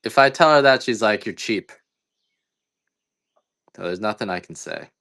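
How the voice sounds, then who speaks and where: A fast-talking man with a lowish, slightly bright voice and vocal fry sells coffee on a casual live stream. He's animated, rambling on and cracking jokes about himself.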